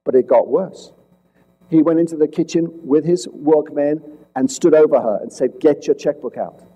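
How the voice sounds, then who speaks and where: A man investigating fraud, telling a case to police as a dramatic story with rhetorical questions, swinging between loud points and hushed asides. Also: fairly high pitch, moderate pace, rough recording. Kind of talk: storytelling presentation to an audience.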